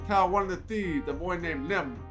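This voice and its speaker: A man's voice: high voice, normal speed, music in the background, natural voice. A man reading as an intent game agent. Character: male agent questioning an old informant.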